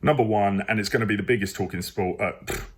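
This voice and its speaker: Husky exasperated football fan. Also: male voice, fairly low pitch, fast talker. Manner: exasperated, rambling, rising emphatic outbursts. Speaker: football fan channel host. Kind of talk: casual match review to camera. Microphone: phone.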